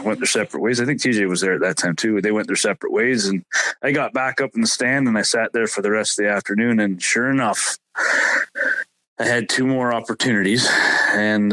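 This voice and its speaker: Low-voiced man telling a hunting story. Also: fairly bright tone, no echo, low-quality recording. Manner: halting, repeats words and restarts often. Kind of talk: casual storytelling chat.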